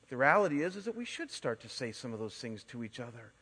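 Bright-voiced pastor preaching in echoing hall. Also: male voice, medium pitch, fast talker, breathy edge. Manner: animated storytelling with frequent word restarts. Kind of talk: sermon. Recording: long hall reverb.

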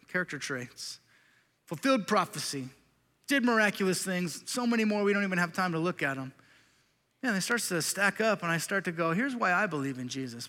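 A middle-aged man preaches a sermon in a church sanctuary, his voice sitting high and echoing with big-room sound. He's earnest and confessional, building to loud emphasis before dropping into quiet intensity.

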